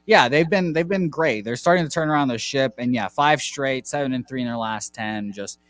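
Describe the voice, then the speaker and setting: A man's voice: medium pitch, fairly quick, a bit bright, no room sound. A man hosting a casual sports betting show, rambling and correcting himself as he reels off baseball stats. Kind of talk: casual podcast chat.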